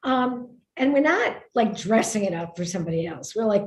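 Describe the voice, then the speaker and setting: A woman from Brooklyn with a New York accent, an author and writing teacher telling stories in an emphatic, animated way at a book event. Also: medium pitch, normal speed. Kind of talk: lively conversation at a book event. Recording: roomy echo.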